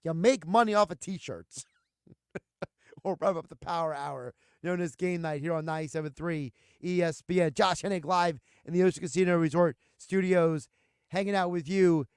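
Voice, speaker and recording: Male studio radio host, plainspoken and joking; high clear voice, dry close sound. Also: moderate pace, dry recording. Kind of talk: casual sports radio talk.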